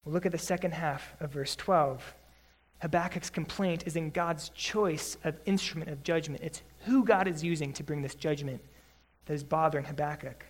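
A man delivers an expository sermon. He reads scripture at a slow, measured pace, then shifts into conversational explanation. His emphasis rises earnestly on key points. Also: a little high, steady tone. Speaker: Bible teacher.

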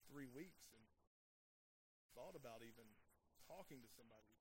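A man's voice: medium pitch, lively intonation, normal speed, a little hiss or hum. A man preaching a sermon in an earnest way, asking the congregation rhetorical questions and often restarting his phrases. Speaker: pastor.

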